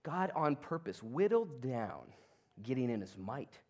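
A male pastor preaching a sermon in a church, conversational and animated, swinging between loud and hushed. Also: mid-range voice, a little slow. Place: church sanctuary.

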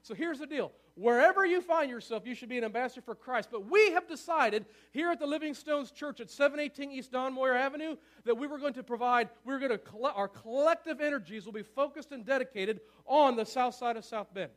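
Fast, high-voiced excitable preacher man. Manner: excitable, fast-talking, asks the room for agreement. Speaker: pastor. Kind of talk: sermon. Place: church sanctuary.

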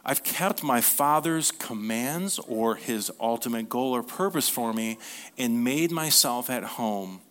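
A man preaching a sermon in an earnest, conversational way, reading scripture slowly and asking his listeners questions. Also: fairly bright tone. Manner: reads scripture slowly, then rises in pitch and energy.

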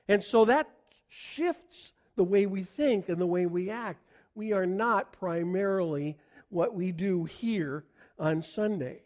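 A middle-aged pastor with a notably high voice gives a relaxed, conversational sermon. He talks to the congregation as if chatting with them and often throws questions out to them.

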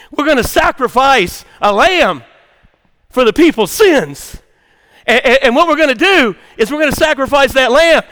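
A man preaching a sermon to a church congregation, swinging between quiet asides and shouted preaching. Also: very high-pitched. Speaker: pastor. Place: church sanctuary.

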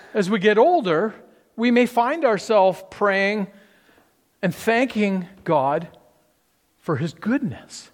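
A man's voice: high-pitched, long reverb tail. A man preaching a conversational sermon, asking the listeners rhetorical questions and often restarting his sentences. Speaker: pastor.

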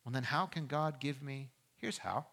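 A man preaching a sermon, telling his story with animated voices and direct questions to the listeners. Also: mid-range voice, moderate pace, vocal fry, husky. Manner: animated storytelling, acting out voices in a courtroom scene. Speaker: pastor.

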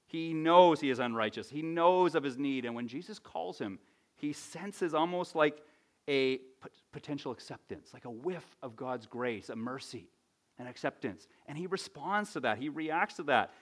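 A man's voice: fairly high pitch, expressive, normal speed. Conversational male preacher. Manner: conversational teaching with frequent "right?" asides. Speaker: pastor. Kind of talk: sermon.

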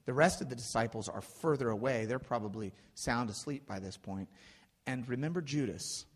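A man preaching a sermon, conversational with fillers, slowing and swelling dramatically when quoting scripture. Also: medium pitch. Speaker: pastor. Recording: long reverb of a hall.

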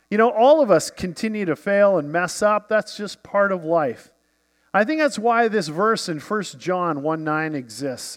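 A man's voice: high-pitched, big-room sound. A man preaching an earnest, conversational sermon as pastor of a church.

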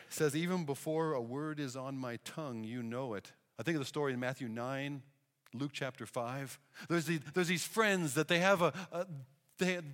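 A man preaching a sermon, telling Bible stories in an animated way and acting out the people he quotes. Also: fairly high pitch. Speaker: pastor. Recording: long hall reverb.

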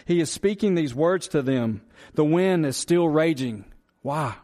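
A man's voice: a little high, lively intonation, measured pace, a little mellow. A man preaching a sermon, earnest and repetitive, asking the congregation rhetorical questions. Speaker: pastor.

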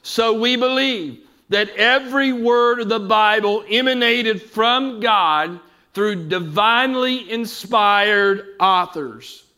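A man preaching an evening Bible teaching, measured and explanatory, putting questions to his congregation. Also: high voice, bright, forceful tone. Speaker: pastor.

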